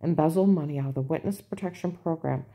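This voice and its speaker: A woman in a casual monologue, insistent and repetitive, turning loud and emphatic. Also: low voice, fast talker. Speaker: vlogger.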